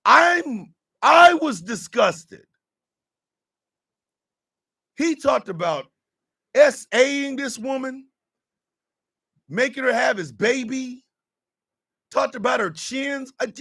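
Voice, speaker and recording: A man hosting a podcast, delivering a profane, exasperated comedic rant and often shouting. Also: very high voice, expressive, slow, gravelly, long pauses, slightly rough. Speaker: podcast host.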